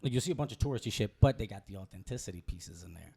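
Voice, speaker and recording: A young man, a guest comedian telling a loose, profane story while high. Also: animated, very fast, creaky, dark tone, slightly rough. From Louisiana. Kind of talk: casual storytelling.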